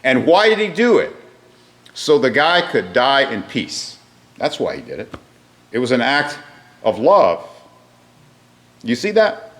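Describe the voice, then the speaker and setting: A man's voice: mid-range voice, very animated, unhurried, long pauses, a bit bright. A man teaching a Bible class, explaining a passage step by step and putting questions to his listeners.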